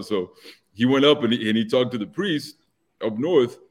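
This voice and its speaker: A man's voice: medium pitch, expressive, moderate pace. A man who hosts a show, telling a casual anecdote and acting out the quoted back-and-forth. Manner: chatty storyteller acting out quoted dialogue. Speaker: show host.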